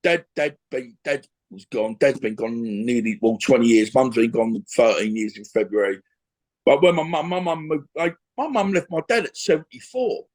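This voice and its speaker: A man's voice: mid-range voice, lively intonation, normal speed, darkish tone. An older man, a former boxer telling a blunt, emotional story on a video call, restarting his sentences often. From England. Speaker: interview guest, former boxer.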